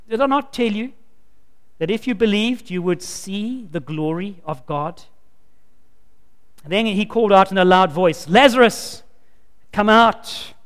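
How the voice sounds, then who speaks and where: A man preaching a sermon, swinging between loud, emphatic lines and low, quiet asides. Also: in a large hall.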